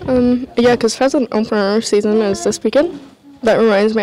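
A woman's voice: fairly high pitch, fairly even intonation, moderate pace, mellow. A young woman co-hosting a student broadcast, teasing and casual. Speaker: student co-host.

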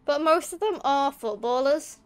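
A woman's voice: sits high, animated, moderate pace. A young woman, chatting casually on a gaming stream, rambling with lots of fillers and restarts. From Liverpool area, England. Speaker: VTuber streamer.

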